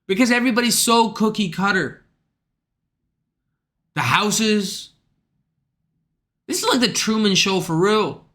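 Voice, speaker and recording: A high-pitched man with a bright, sharp voice rants to his stream chat. He talks in a loose, profane, exasperated ramble. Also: expressive, unhurried, long pauses. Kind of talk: casual ranting to chat.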